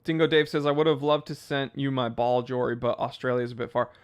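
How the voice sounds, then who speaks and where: An American man hosting a casual livestream about watches, reading chat aloud and riffing, with a chatty and animated manner. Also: mid-range voice, fast, clear, resonant tone. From United States. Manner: chatty and animated, jumps into goofy impressions of people. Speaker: watch channel host reading live chat.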